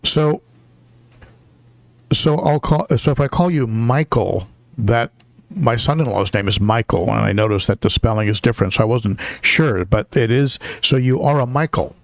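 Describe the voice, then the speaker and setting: A man's voice: mid-range voice, normal speed, creaky, no room sound. An older man hosting a casual live stream, chatty, with lots of fillers and restarts while greeting viewers.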